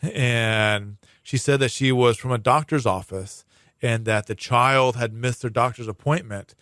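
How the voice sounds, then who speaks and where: A man's voice: mid-range voice, a little slow, fairly bright tone, dry recording, studio quality. A man speaking as a prosecuting attorney guest in a casual radio interview, explaining at length with many fillers and restarts. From Hawaii. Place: radio studio.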